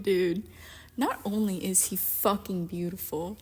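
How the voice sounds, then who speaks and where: A young adult woman giving casual film commentary in a profane, sarcastic, animated way. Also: mid-range voice, moderate pace. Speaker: YouTube commentator.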